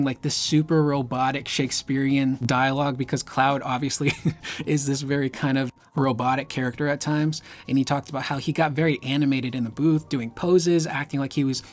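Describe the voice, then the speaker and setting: Animated man over faint lo-fi music. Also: medium pitch, fairly quick. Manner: animated, talks with his hands. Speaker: gaming news YouTuber. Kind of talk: casual commentary reading an article. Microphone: close desk microphone. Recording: home mic with faint lo-fi music bed. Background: faint lo-fi hip hop music.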